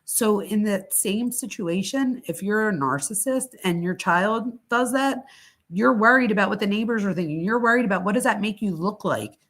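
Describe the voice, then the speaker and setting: A woman's voice: medium pitch, lively intonation, moderate pace, fairly bright tone. A middle-aged woman hosting a live psychology talk stream, speaking candidly and chattily with casual swearing. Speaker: host.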